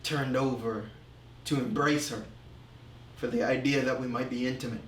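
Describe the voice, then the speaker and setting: An actor playing a remorseful man confessing his drinking and insecurity, telling it slowly and haltingly in a film monologue. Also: medium pitch, fairly even intonation, slight background noise, natural voice. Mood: reflective. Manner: slow, halting, reflective storytelling. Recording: roomy echo.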